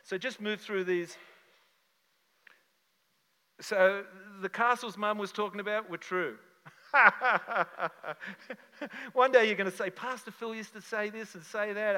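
An older man from Australia, a pastor telling a personal story to his congregation in an animated, conversational way with many restarts. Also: sits high, a little slow, smooth, in a large hall, rough recording. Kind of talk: sermon with slide show.

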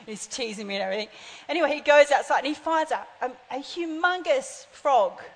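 A woman's voice: high voice, animated, fairly quick, a little hiss or hum. A woman in her fifties preaching a sermon, telling stories and acting out the voices in them. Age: 50s. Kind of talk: sermon with storytelling. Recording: long hall reverb.

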